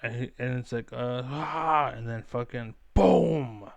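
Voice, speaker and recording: Gravelly man ranting and swearing. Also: mid-range voice, slow pace, no echo. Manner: swearing, repetitive, self-assured. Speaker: streamer. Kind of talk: rambling profane rant.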